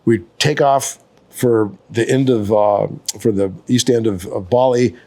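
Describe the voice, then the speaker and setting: A man in his sixties spins an old story at an easy, casual pace, often stopping mid-sentence to restart or add a side note. His voice sits at an ordinary middle pitch. He sounds loose and unhurried. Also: warm tone. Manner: rambling, lots of fillers and restarts. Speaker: surf photographer guest.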